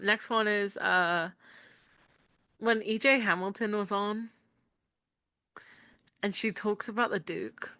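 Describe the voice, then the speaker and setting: A playful woman chatting on a podcast, her voice at a middle pitch and recorded dry and close. She giggles often and slips into silly voices when she quotes people. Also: bright, forceful tone, no echo. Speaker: podcast co-host. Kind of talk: casual chat.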